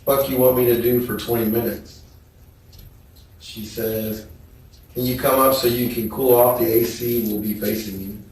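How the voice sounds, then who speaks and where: A man testifying as a witness in a courtroom, reading text messages aloud in a slow, measured way. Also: mid-range voice, fairly even intonation, a little mellow. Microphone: distant courtroom microphone. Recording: echoey courtroom audio from far off with faint noise.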